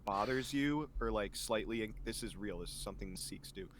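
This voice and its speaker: A man co-hosting a casual podcast, cracking blunt, crude dark jokes in a deadpan way. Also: fairly low pitch, brisk, a loud crowd. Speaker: podcast co-host.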